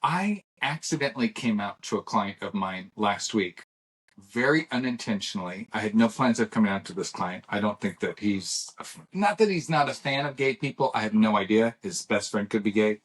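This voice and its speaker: A man's voice: on the low side, moderate pace, breathy edge. A middle-aged man co-hosting a podcast, chatting casually and telling rambling stories with restarts and acted-out dialogue. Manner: rambling storyteller who restarts and acts out dialogue. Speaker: podcast co-host. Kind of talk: casual chat.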